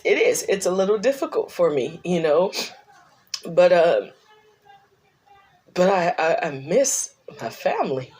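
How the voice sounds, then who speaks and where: A woman's voice: lowish voice, a little mellow. Middle-aged woman, unscripted talk to camera, earnest and encouraging, tearful at moments. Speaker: grief vlogger and ministry leader.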